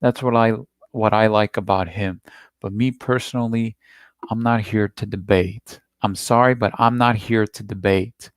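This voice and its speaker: A man's voice: lowish voice, fairly even intonation, normal speed, no echo. A man hosting a reaction video, talking through a played clip in a rambling, repetitive, defensive way. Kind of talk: casual commentary on a played clip.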